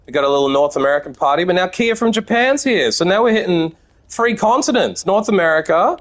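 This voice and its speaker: A man's voice: sits high, animated, brisk, fairly bright tone. An Australian man streaming a card game, chatting with viewers and swearing freely as he plays. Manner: chatty and profane, talking to chat. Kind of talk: casual gameplay commentary.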